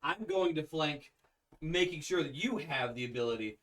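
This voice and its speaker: A man playing a tabletop game, describing his character's actions slowly and deliberately. His voice sits somewhat high. He is heard from a little way off the mic. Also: expressive, fairly bright tone, far from the mic, low-quality recording. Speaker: player.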